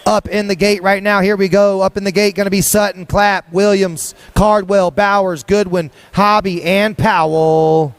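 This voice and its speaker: Male race announcer, high voice, rapid rhythmic calling of riders at an outdoor BMX track. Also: little pitch movement, dry recording. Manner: rapid-fire rhythmic calling, sing-song hype. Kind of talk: live BMX race commentary.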